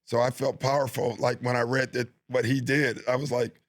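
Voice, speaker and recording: A man's voice: mid-range voice, level tone, moderate pace, no room sound. Easygoing middle-aged man telling stories. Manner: easygoing, with frequent fillers and restarts. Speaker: basketball coach, guest. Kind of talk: relaxed storytelling interview. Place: studio.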